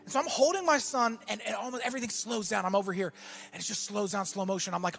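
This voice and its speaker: A man preaching a sermon as pastor, telling a story and then building to shouted exhortation in a church. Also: high-pitched, quick pace, vocal fry, husky, faint music behind.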